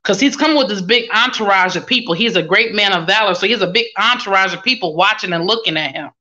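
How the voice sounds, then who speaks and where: A woman's voice: mid-range voice, fast talker, pushed and bright, lo-fi sound. A woman minister preaching a sermon, reading scripture aloud and then applying it with call-and-response asides.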